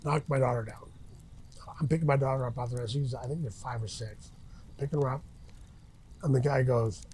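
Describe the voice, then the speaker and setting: A man's voice: mid-range voice, fairly even intonation, moderate pace, dark tone, slight background noise. A middle-aged man talking casually as an interview guest outdoors by a campfire, rambling with many restarts and fillers. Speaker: interview guest, retired fighter.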